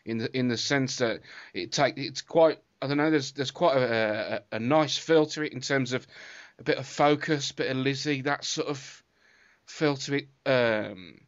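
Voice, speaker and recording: A British man interviewing a musician, asking halting, hesitant questions. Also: mid-range voice, dry recording, highs cut off. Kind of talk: casual interview.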